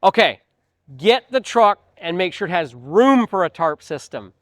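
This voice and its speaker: A middle-aged man with a fairly high voice talks as a truck dealer, earnest and emphatic, slipping into folksy stories to make his point. The sound is dry and close, with no room echo. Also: big pitch swings, a little slow, a bit bright. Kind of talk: sales advice talk to camera.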